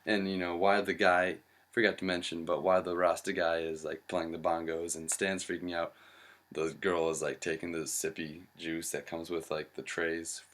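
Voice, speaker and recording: Man, very low voice, young adult, rambling sketch pitch, lots of ums. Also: level tone, moderate pace, fairly bright tone. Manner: rambling, many fillers, acts out lines. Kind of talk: pitching a comedy sketch storyboard.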